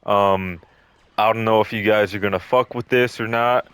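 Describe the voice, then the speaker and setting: A man's voice: on the low side, steady tone, normal speed, a bit bright, clean tone, dry recording. Casual swearing young man telling a story. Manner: swearing, rambling, lots of ums, acts out quotes. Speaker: storytelling vlogger. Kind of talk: casual storytime over gameplay.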